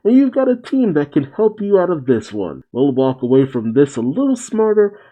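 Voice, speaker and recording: A man's voice: on the high side, normal speed, voice pushed up, rough recording. A man voicing Tangle, an upbeat young female lemur from a comic, in a raised, cheery voice. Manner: cheery and excitable.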